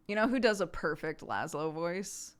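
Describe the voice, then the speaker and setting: A woman streamer chats casually and unhurriedly. Her pitch rises and falls in a lively way, and laughter often breaks into her talk. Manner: laughing, animated chat. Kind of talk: casual chat.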